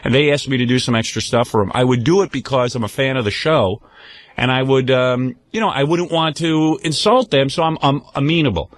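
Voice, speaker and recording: A man's voice: mid-range voice, fairly quick. An older man with a New York accent hosting a radio show, arguing on air and cutting others off in indignant bursts. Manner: indignant, interrupting, acts out others in his retellings. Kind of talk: heated on-air studio argument.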